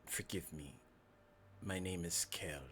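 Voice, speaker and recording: A man voicing a dark-furred, fox-like male spirit who speaks low and hushed in a formal, archaic way. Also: slow, husky, full character voice. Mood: courtly.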